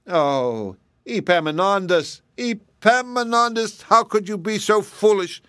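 A man's voice: mid-range voice, animated, normal speed, fairly bright tone, no echo, clean studio sound, natural voice. A man voicing a scolding mother who is exasperated with her foolish little boy, in a storybook reading. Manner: exasperated, scolding, repeats the boy's name.

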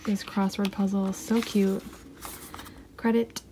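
A woman talks casually over an unboxing at her home desk, giggling and gushing, sometimes slipping into a whisper. Her voice sits at an ordinary middle pitch. A faint hiss runs under the camera mic. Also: level tone, unhurried. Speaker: unboxing vlogger.

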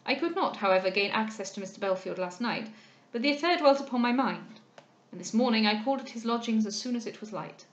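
A woman voicing a courteous, formal gentleman from a period novel, measured and polite. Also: a little high, expressive, dull audio, lightly acted. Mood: earnest. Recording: roomy echo.

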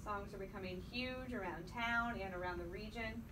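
Female tour guide, chatty storyteller; mid-pitched, off-mic in a noisy indoor room. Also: moderate pace, distant mic. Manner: chatty storytelling, addresses the group.

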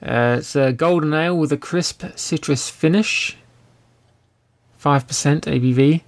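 A man's voice: on the high side, unhurried. A man co-hosting a casual podcast, steering the talk along and teasing with jokes. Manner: jokey, teasing. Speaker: podcast co-host. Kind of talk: casual chat.

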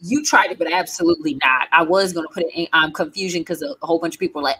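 A young woman giving a casual, animated movie-review rant, laughing often. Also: fairly low pitch, fast talker, few pauses, slightly rough, rough recording. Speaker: video creator reviewing movies. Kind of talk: casual ranting review vlog.

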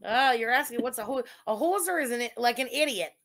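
A woman's voice: on the high side, animated, a little fast, fairly bright tone. A woman from Canada hosting a livestream, talking in a sarcastic, profane way and laughing often. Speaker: streamer host. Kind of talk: casual livestream commentary.

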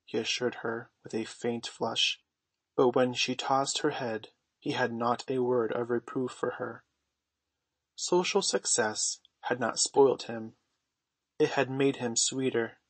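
A man narrating a storybook audiobook in a gentle, measured way. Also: mid-range voice, no room sound. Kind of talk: storybook reading.

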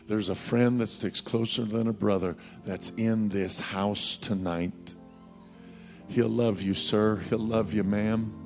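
A man preaching a sermon, telling a story with quoted voices and building to loud, pleading calls. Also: fairly low pitch. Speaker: pastor.

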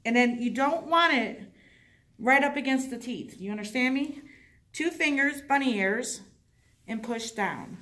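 A woman teaching a hands-on dental class, chatty and encouraging with quick asides. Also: high-pitched, lively intonation, bright, forceful tone. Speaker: dental assisting instructor. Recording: echoey room, voice from far off.

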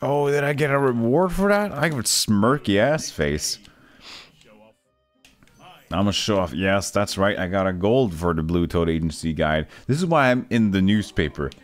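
A man playing a game for a video, joking sarcastically and jumping into sudden loud, high yelps. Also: animated, moderate pace, faint music behind. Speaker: gaming YouTuber. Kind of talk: let's play commentary.

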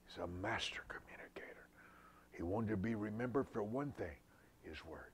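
A man preaching a sermon, swinging from loud outbursts to hushed whispers. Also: lowish voice, normal speed, a little hiss or hum.

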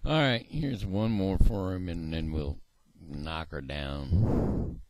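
A man's voice: darkish tone, dry recording. A man, chatting casually on his own vlog between singing old country songs. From Missouri. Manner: sings slow old country songs unaccompanied, then chats quickly and low between them. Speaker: vlogger.

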